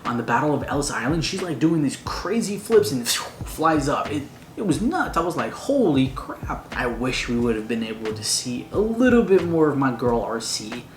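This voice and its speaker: Male movie reviewer, mid pitch, gushing fan energy, echoey room. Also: normal speed, few pauses. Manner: gushing, excitable fan talk with slang. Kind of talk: casual spoiler review. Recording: roomy echo, faint noise.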